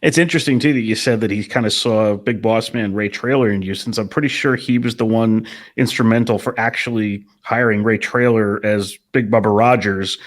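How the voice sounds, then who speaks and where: A man's voice: lowish voice, fairly even intonation, fairly quick, few pauses. A male podcast host asking interview questions with curiosity, often restarting his phrasing.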